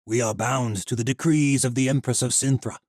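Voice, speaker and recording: Gruff, stern knight guard, voiced by a man; dark, flat-out firm. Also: medium pitch, brisk, no room sound, studio quality, voice pushed up, natural voice.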